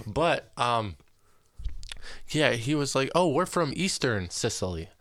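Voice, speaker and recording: A man's voice: mid-range voice, big pitch swings, slow pace, a bit bright, no room sound, studio quality. A young man telling stories on a podcast, laughing often and filling his talk with "like". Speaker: podcast co-host. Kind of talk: casual storytelling chat.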